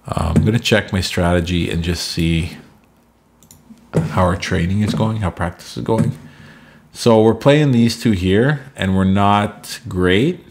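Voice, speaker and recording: A man with a deep, low-pitched voice talks through a sports management game at home. His delivery is loose and chatty, wandering into side stories between plays. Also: darkish tone. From Canada. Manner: chatty, rambling asides. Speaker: gameplay commentator. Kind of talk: casual gameplay commentary.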